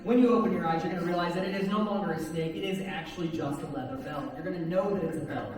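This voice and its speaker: A man performing as a stage hypnotist, talking in slow soothing induction patter and teasing the volunteers between suggestions. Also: on the high side, darkish tone. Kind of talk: live stage hypnosis show. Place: stage at a campground event. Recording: echoey hall, from far off, crowd audible. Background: audience laughing.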